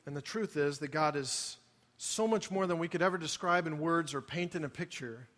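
A man with a high voice preaches a sermon, earnest and pleading. He drops to quiet reflection, then builds to emphatic appeals. The sound rings with the long reverb of a large sanctuary. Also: normal speed. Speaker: pastor.

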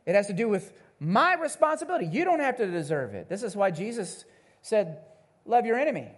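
Lively high-voiced male pastor preaching. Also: brisk. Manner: conversational preaching that calls out to the congregation; animated, acts out the people he quotes. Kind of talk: sermon. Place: church service before a congregation.

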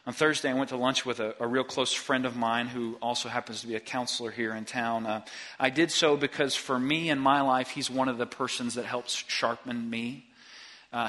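A male pastor preaching a sermon with earnest repetition, going soft and slow for heartfelt confessions. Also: mid-range voice. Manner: earnest, repeats phrases, drops soft for quoted confessions.

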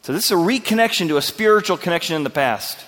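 A man's voice: high voice, lively intonation, quick pace, fairly bright tone, long reverb tail. A male pastor preaching a verse-by-verse sermon in an earnest, conversational way, asking his listeners questions.

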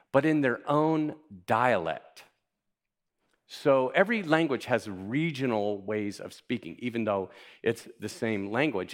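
A male pastor gives a sermon with a lively, swooping voice that rises and falls a lot. He keeps it conversational and playful and often turns to the congregation with questions. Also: medium pitch.

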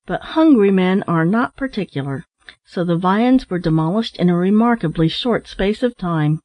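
A woman narrating a storybook in a steady, even reading voice. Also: on the low side, moderate pace, no room sound. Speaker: audiobook narrator.

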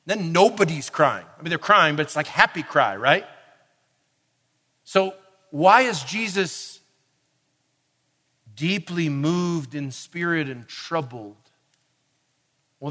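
A man preaching a sermon in a conversational way, asking his listeners questions and building to forceful emphasis. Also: fairly high pitch. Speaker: pastor. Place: church or camp meeting hall. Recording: long reverb of a large hall.

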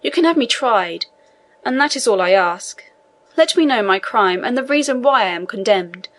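A woman's voice: fairly high pitch, expressive, moderate pace, fairly bright tone. A woman voicing a young male sailor held in prison, earnest and imploring in a storybook reading. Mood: pleading.

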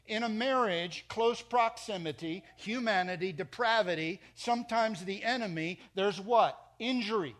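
A middle-aged man preaching a sermon in a church, emphatic, swinging between loud and soft. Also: fairly high pitch. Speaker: pastor.

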